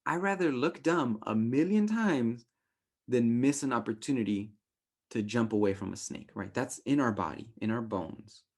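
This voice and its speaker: A young adult man teaching a relationship workshop in a casual, animated way, often acting out quoted thoughts in playful voices. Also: medium pitch, moderate pace.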